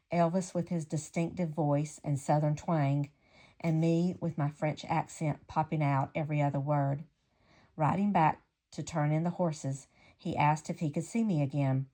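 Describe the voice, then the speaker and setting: Low, mellow woman reader for a memoir audiobook, measured and unhurried, with casual asides.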